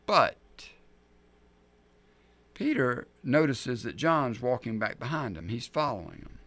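A middle-aged male pastor preaching a sermon, telling the story in an animated, emphatic way. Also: mid-range voice.

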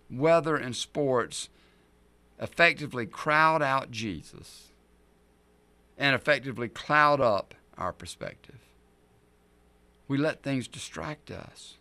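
A middle-aged male pastor with a mid-range voice preaches a sermon, telling the story in an animated, emphatic way.

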